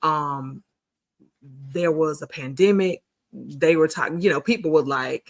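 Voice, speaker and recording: A woman's voice: deep voice, measured pace, pauses often. A woman, hosting a casual livestream and chatting folksily with her viewers. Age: 40s. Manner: chatty, folksy, addresses viewers as sugars and honey. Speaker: livestream host.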